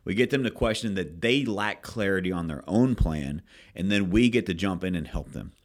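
A man hosting a podcast, coaching real estate agents in an energetic, emphatic way and acting out sales scripts. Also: deep voice, moderate pace. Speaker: podcast host and real estate team leader. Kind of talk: casual coaching talk.

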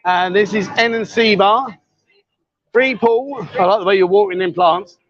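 Male host, high-pitched and chatty, outdoor street livestream on a phone mic, slightly lo-fi. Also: normal speed, noisy background. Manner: chatty, jokey, greets people loudly on the street. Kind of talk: casual walkabout livestream. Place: outdoor street market at night.

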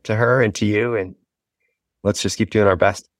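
Heard in studio quality with no room sound, this author in his forties is a podcast guest who muses aloud in an earnest, thoughtful manner. His voice is lowish and steady in tone, at a moderate pace.

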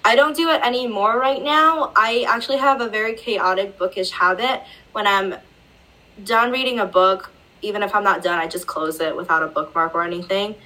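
A woman's voice: medium pitch, fairly quick, bright, forceful tone, poor audio. A woman guest on a podcast, chatting in a laid-back, self-deprecating way. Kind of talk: casual chat.

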